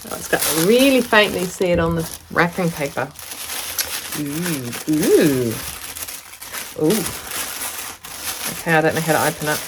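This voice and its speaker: A sewing vlogger from New Zealand, a woman with a fairly low-pitched voice, chats casually while unboxing a parcel, rambling and easily delighted. Background noise can be heard.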